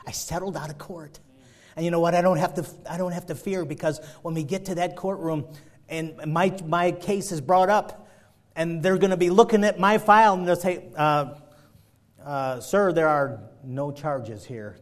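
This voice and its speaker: A man with a high voice preaches a sermon, weaving in a personal story. He acts out his own panic with bursts of laughter, then builds to loud, urgent appeals.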